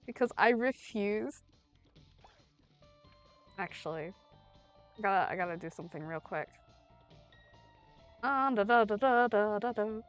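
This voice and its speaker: A young woman streams a game under the weather, rambling in a playful, casual way. Her pitch swings widely, jumping to sudden loud bursts. Soft music plays faintly behind her. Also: sing-song, a little slow, long pauses.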